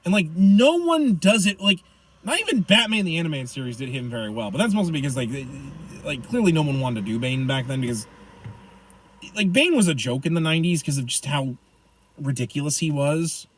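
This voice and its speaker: A man's voice: fairly high pitch, expressive, a little fast, a little hiss or hum, rough recording. A man co-hosting a podcast, chatting casually about films, rambling with lots of fillers and restarts. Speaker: podcast co-host. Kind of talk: casual film review chat.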